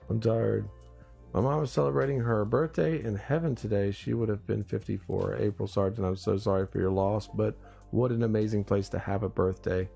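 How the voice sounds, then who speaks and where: Tired gravelly-voiced man greeting viewers. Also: medium pitch, dark tone. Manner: rambling, greets viewers by name, drawn-out phrasing. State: tired, groggy after little sleep. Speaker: live stream host. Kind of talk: casual morning live stream chat.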